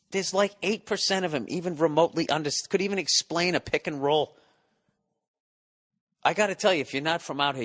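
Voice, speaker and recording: A man in his forties hosts a podcast, delivering a casual comedic rant packed with profanity and rambling restarts. His voice is medium-pitched with a fairly bright tone, and his manner is mock-exasperated.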